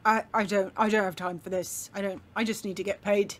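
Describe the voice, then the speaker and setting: A woman's voice: medium pitch, fairly even intonation, fairly quick, close to an everyday voice. Woman doing a grumpy, greedy lumber merchant. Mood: grumpy haggling. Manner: gruff, haggling. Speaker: game master.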